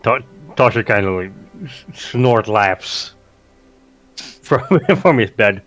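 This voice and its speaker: A man's voice: fairly low pitch, slow pace, a bit bright, faint music behind. A man playing a tabletop role-playing game who narrates his character's actions, hesitant and full of restarts. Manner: hesitant, repeats words, says "like" a lot. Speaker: player.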